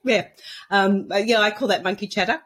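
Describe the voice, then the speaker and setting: A woman guest on a casual podcast, telling animated stories and acting out the dialogue in them. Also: medium pitch, a little fast. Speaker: guest author on intuition. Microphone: podcast microphone at a computer.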